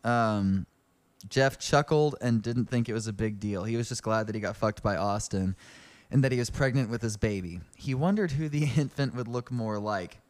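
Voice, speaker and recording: A man co-hosting a podcast, casually reading fan fiction aloud in a deadpan way with wry asides. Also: lowish voice, moderate pace, no room sound. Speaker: podcast co-host.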